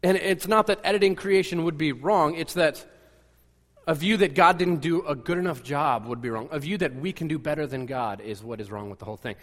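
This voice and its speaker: A man's voice: fairly high pitch, brisk. A man giving a casual, rambling sermon, full of fillers, restarts and wry asides. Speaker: pastor. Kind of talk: conversational sermon. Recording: long hall reverb.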